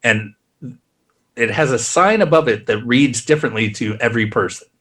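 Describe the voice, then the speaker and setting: Male podcast co-host, casual and rambling, tosses in quick character voices. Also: medium pitch, fairly bright tone. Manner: rambling, acts out characters' lines in quick asides. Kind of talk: casual plot recap.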